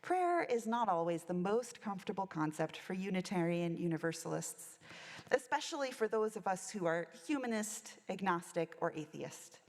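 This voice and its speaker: A woman's voice: mid-range voice, big pitch swings, moderate pace. A woman minister giving a reflective sermon, telling a story from her chaplaincy work. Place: church sanctuary. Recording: long church reverb.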